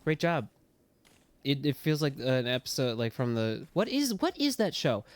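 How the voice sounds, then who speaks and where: A man's voice: medium pitch, wildly swooping pitch, moderate pace. Rambling, joking man streaming a game. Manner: rambling, joking, swears casually. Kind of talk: casual gameplay commentary.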